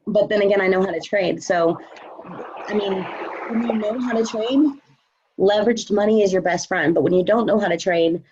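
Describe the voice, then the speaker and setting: A confident woman talks through questions in a loose live chat, sure of her views and chatty. Her voice sits at a middle pitch and comes through dull, lo-fi stream audio. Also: moderate pace, a little mellow, husky. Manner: confident, chatty, many fillers. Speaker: trading coach.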